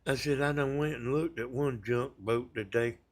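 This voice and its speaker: Southern man vlogger, mid-pitched, folksy rambling storyteller. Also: normal speed. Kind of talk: casual storytelling to viewers.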